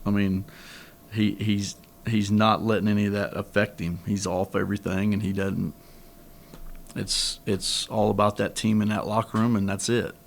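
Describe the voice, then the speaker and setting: A man's voice: fairly low pitch, little pitch movement, normal speed, creaky, a little hiss or hum. A middle-aged man, a head basketball coach, answering reporters at a press conference in a candid, rambling way with many restarts.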